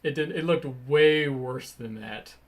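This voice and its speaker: A man recounts a workplace story in a relaxed studio chat. His voice sits a little high and he tells it animatedly, swearing as he acts out his past outbursts. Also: a little slow. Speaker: guest, web designer.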